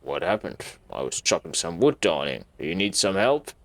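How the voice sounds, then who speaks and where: A man voicing a creepy male cemetery groundskeeper who speaks slowly, politely and smoothly, reading game dialogue aloud. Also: sits low, big pitch swings, pitched below the performer's own voice, heavily acted. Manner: slow, oily and overly polite.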